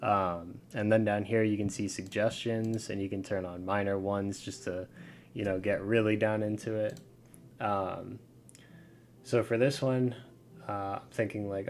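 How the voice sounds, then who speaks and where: A man's voice: fairly low pitch, steady tone, unhurried, a little hiss or hum. A man giving a casual screen-share tutorial, talking loosely with lots of fillers over his screen. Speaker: video game guide creator.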